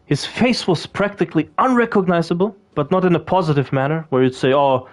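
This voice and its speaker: A man's voice: on the high side, expressive, a little fast. A man chatting casually while he plays a video game, rambling and swearing with lots of fillers and restarts. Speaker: gaming video creator. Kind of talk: casual gameplay commentary.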